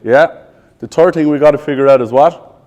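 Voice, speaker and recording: An Irish man in his thirties runs a live sales training, peppering the room with rapid questions and answering bluntly, with some profanity. His voice is a little high and slightly mellow, and the sound is lo-fi.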